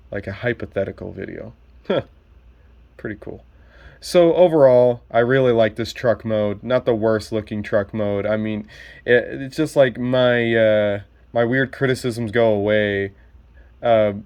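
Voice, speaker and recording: A man with a fairly low voice talks through a toy review at an unhurried pace. He rambles, trips over his words with lots of fillers and restarts, and swears casually. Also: darkish tone. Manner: swears freely.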